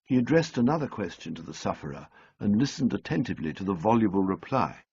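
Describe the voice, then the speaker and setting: A man narrating an audiobook in a measured, dryly comic storytelling manner, on a close studio mic. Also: lowish voice, big pitch swings, gravelly, a little mellow, breathy edge, no echo, dull audio.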